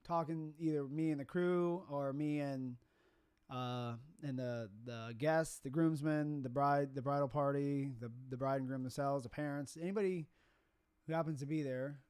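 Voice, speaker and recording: A man's voice: mid-range voice, moderate pace, a little mellow, smooth, no room sound. A man who films weddings, talking casually as he explains his editing step by step. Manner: chatty, explains as he works. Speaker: wedding videographer. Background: music.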